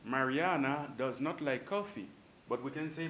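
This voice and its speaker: A man's voice: medium pitch, moderate pace, fairly bright tone. A man whose first language is Spanish, teaching English in a casual way and repeating each example sentence. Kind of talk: bilingual English lesson. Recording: echoey room, faint background noise.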